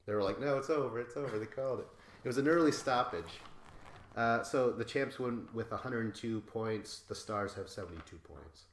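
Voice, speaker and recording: A man co-hosting a podcast, casually recapping a reality show in a lively way and imitating the cast members. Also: fairly low pitch, moderate pace, reverberant, slight background noise. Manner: animated, mimics cast members with laughs. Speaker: podcast co-host.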